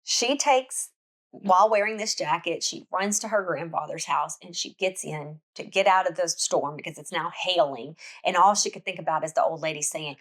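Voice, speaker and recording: Woman host, mid-pitched, chatty storyteller recapping a book plot. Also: a bit bright. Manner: chatty storytelling with frequent restarts.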